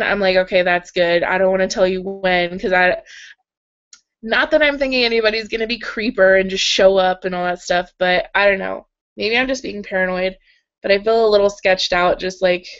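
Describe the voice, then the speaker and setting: A chatty young woman hosts a relaxed live stream from her bed, reading out viewer comments and answering with frequent giggles and "like"s. Her throat sounds a little sore, and the webcam audio comes through dull and lo-fi. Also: medium pitch. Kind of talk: casual live chat. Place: in bed at home.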